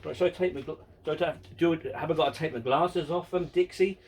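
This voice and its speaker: A man's voice: on the high side, quick pace, noisy background. A man hosting a casual question-and-answer vlog about his model railway, rambling and chatty, often repeating words and mocking himself. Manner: self-mocking and exasperated.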